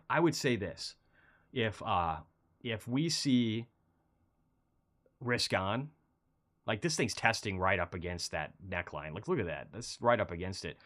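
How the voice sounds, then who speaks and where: Guy with a lowish voice rambling over stock charts, casual stream host, a bit under the weather. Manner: conversational, rambling, animated bursts of excitement. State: feeling unwell, low energy. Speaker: market commentary host.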